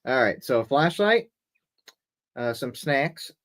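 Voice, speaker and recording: A man's voice: medium pitch, expressive, takes it slowly, a bit bright. A young man co-hosting a casual chat, joking and laid-back. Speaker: co-host.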